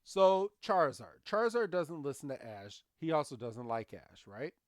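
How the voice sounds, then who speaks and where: Male podcast co-host, lively recap storyteller who acts out lines, dry close sound. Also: on the high side, normal speed, no echo. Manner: animated, acts out characters' lines. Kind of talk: casual episode recap chat.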